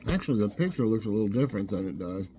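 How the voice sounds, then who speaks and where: A man's voice: on the low side, very fast, a little hiss or hum. A man hosting a casual snack review show, chatting easily and eating as he talks. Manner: relaxed, chatty, eats while talking.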